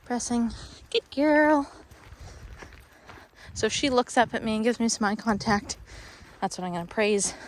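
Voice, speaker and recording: A woman's voice: medium pitch, fairly quick, a little hiss or hum. A woman dog trainer, a little out of breath, explaining her training steps while she walks outdoors with a dog, and stopping now and then to praise it. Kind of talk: instructional training walk-through.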